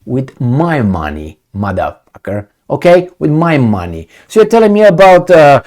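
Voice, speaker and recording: Here a man with a higher, darkish, sing-song voice reads a news piece at normal speed as a political commentator. Heated sarcastic jabs punctuate the reading, and he frequently loses his words and begins again.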